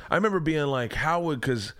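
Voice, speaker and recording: A man's voice: a little high, lively intonation, fairly quick, fairly bright tone, no echo. Laughing, profane man telling stories. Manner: swearing freely, laughing through his stories. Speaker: podcast host. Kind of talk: casual chat, storytelling. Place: home man cave.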